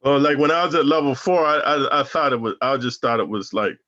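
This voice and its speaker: A man's voice: medium pitch, a little fast, bright, forceful tone, muffled recording. A man from Northern California being interviewed, telling his stories in a slangy, profane, emphatic way. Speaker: interview guest, former prisoner. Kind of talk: casual storytelling interview.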